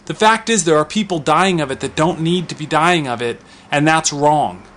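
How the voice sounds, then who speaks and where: A man in his thirties delivering an impassioned opinion monologue to camera. His voice sits a little on the high side for a man, and he talks in an outspoken, conversational way, restarting sentences as he builds his case. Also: normal speed, fairly bright tone, slight background noise. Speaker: vlogger.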